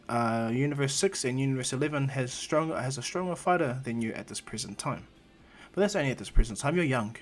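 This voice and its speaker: A man voicing a calm, matter-of-fact female divine attendant who trains a young god, in a casual fan story. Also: mid-range voice, natural voice.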